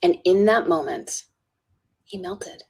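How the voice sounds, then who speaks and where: A woman guest on a podcast tells an earnest story in a conversational interview, restarting often and tagging lines with "right?" Her lowish voice is slow, gravelly, mellow and slightly rough.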